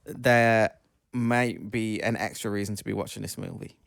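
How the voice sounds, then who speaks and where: A man's voice: fairly low pitch, fairly even intonation, normal speed, gravelly, no room sound. A man co-hosting a spooky news podcast, reading stories aloud in a dry, matter-of-fact way with small stumbles. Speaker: podcast co-host. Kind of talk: casual chat and news reading.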